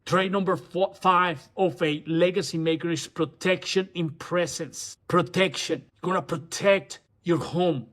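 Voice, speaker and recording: Guy with a fairly high voice preaching at men, urgent, repeats himself, stumbles and restarts a lot. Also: moderate pace, hardly any pauses, a bit bright. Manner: urgent, repetitive exhortation; restarts and stammers often. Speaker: men's ministry speaker. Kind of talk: motivational faith talk.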